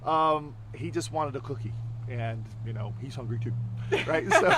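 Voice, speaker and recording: A man's voice: on the high side, huge pitch swings, measured pace, heavy background noise. A man, a tantra teacher, explaining ideas in casual chat and acting out quoted lines with animation.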